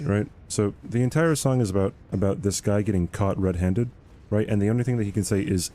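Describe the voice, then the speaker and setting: Low-voiced, rambling male streamer. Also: fairly even intonation, a little fast, mellow. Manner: rambling, frequently ends points with "right?"; stammers and repeats words. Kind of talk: casual livestream chat while gaming.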